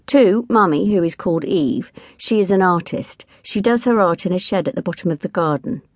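A woman narrating a children's audiobook in a lively, expressive first-person storytelling manner. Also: fairly low pitch, no echo.

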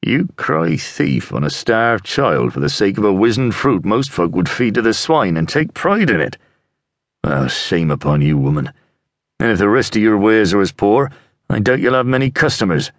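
A male narrator voicing a grim, cold sergeant who speaks slowly, quietly and threateningly. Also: on the low side, big pitch swings, no echo, studio quality. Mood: contemptuous.

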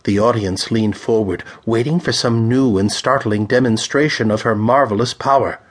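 A man narrating a pulp thriller audiobook in a measured, dramatic reading style. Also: medium pitch, slightly rough.

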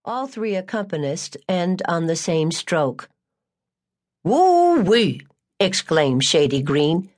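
A woman with a somewhat low voice reads a novel aloud. Her narration is even and measured, a steady storyteller's delivery. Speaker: audiobook narrator. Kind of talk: scripted narration.

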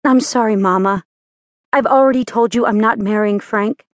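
A woman's voice: on the high side, moderate pace, no room sound, natural voice. Woman voicing an anxious, pleading young daughter.

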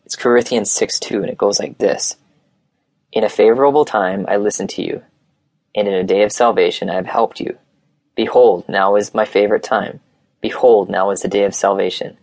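Guy doing a sincere young cancer survivor, heartfelt and earnest, husky low voice. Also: steady tone, normal speed, darkish tone, no echo.

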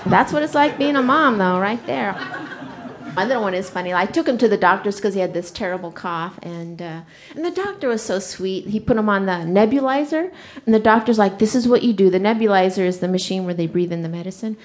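A woman performing a stand-up comedy set, talking animatedly and acting out quotes loudly. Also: mid-range voice, lively intonation, a little fast. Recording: live club set with audience laughter. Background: audience laughing.

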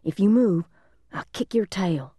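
A woman doing a hushed, bossy boy. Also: medium pitch, animated, measured pace, breathy edge, no echo, clean studio sound. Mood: hushed firm. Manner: soft, firm, hushed and bossy. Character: determined older boy, protective big brother.

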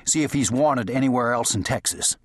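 A man voicing a stern frontier sheriff, speaking low, firm and measured. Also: no echo, clean studio sound, lightly acted. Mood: commanding.

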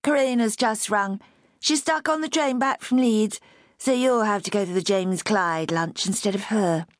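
A woman narrator voicing a brisk, offhand young female secretary who speaks casually and airily. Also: mid-range voice, no room sound, studio quality, voice pushed up, natural voice. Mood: breezy. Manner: casual, slightly airy.

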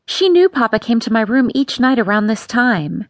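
A woman narrating an audiobook in a measured, tense storytelling manner. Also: fairly high pitch, big pitch swings, no echo. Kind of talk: scripted narration.

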